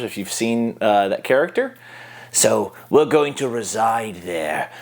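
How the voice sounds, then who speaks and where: A man's voice: fairly low pitch, animated, a little slow. A man explaining voice acting in a casual how-to tutorial, easygoing and explanatory, now and then breaking into short character demos.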